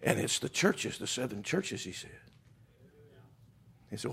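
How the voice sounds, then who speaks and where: A man's voice: mid-range voice, very animated, a little slow, creaky, pauses often, slightly rough. A man preaching a fervent sermon. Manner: fervent, builds to loud climaxes.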